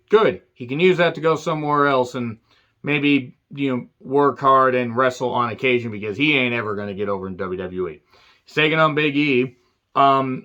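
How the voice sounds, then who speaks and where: A man's voice: medium pitch, sharp tone. A man giving a profane, sarcastic rant as he reviews a wrestling show. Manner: angry, sarcastic, swears constantly. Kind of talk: profane ranting commentary. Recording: dull lo-fi sound.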